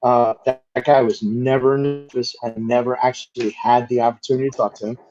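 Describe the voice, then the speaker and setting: A man being interviewed as a guest, telling stories casually in a lively way, with easy swearing and lots of "like" fillers. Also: mid-range voice, fast talker, muffled recording, a little hiss or hum.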